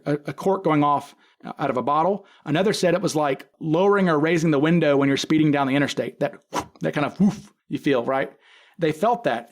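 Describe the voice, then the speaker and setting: A man, a podcast guest, casually retelling events in detail, acting out quoted dialogue and often restarting his sentences. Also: a little high. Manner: frequent restarts and self-corrections. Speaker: podcast guest, case expert. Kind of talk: casual storytelling.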